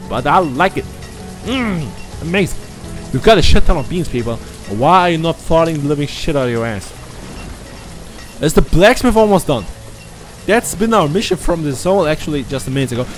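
A man whose first language is German, giving rambling, profane, self-mocking commentary while playing a game. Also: on the high side. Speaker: gaming commentator. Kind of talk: casual let's-play commentary.

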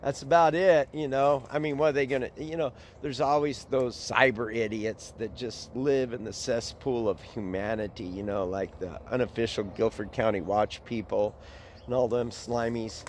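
An older man with a drawl rambles on in a casual vlog, his voice sitting at a middling pitch. He talks outdoors, and a faint wash of background noise runs under him. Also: steady tone, moderate pace. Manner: rambling, talks to puppies in a high cooing voice. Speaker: animal sanctuary owner. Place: outdoors at an animal sanctuary.

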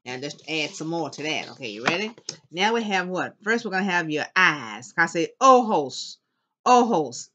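A woman teaching an elementary Spanish class, slowly modeling words for students to repeat and cheering them on. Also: lowish voice, very animated, background noise. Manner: upbeat and encouraging. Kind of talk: classroom language lesson. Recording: dull lo-fi classroom recording.

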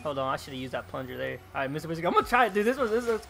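A young man live streaming a game, chatting excitedly with viewers, reading their messages and calling them dude. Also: a little high, rapid-fire, creaky. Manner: excitable, chatty, reads chat aloud, calls viewers dude. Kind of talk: live gameplay streaming commentary.

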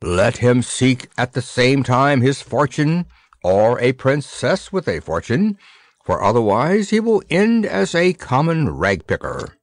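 A man's voice: medium pitch, big pitch swings, unhurried, no echo. Pudge, a pompous old wise man, as a man reads him. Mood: solemn. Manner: solemn, self-important pronouncements.

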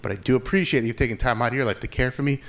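A man's voice: mid-range voice, very fast, lightly acted. A man playing a sulky teenage girl, subdued. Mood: sullen. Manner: subdued, confessional. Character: sulky sixteen-year-old girl. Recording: live room with audience noise.

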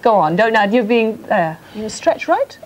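A woman's voice: fairly high pitch, very animated, normal speed. Teasing British woman TV host. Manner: teasing, flirty, chatty. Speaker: TV talk show host. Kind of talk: casual TV interview chat.

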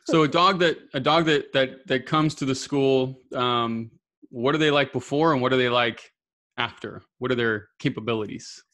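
A man's voice: mid-range voice, moderate pace, a bit bright. A man hosts a podcast and puts questions to his guest. He often stops and rephrases as he speaks. His voice is mid-range for a man. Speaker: podcast host. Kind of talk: podcast interview.

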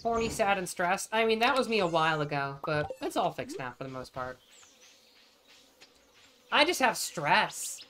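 A woman streaming a farming game and chatting casually, playful and quick to swear, often talking to the game's characters. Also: lowish voice, big pitch swings, a bit bright, a little hiss or hum. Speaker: vtuber streamer. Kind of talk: casual chat while playing a farming game.

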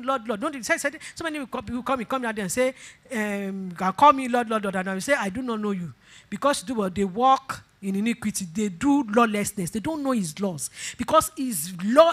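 A woman's voice: on the high side, expressive, moderate pace, a bit bright. A woman pastor preaching a sermon, leading call-and-response, repeating phrases and breaking into emphatic bursts. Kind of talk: sermon exhortation.

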